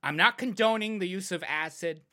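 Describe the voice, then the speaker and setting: A young man in casual podcast chat, telling a wild story with lots of swearing and shouted, acted-out quotes. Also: high voice, a little fast. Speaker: podcast co-host.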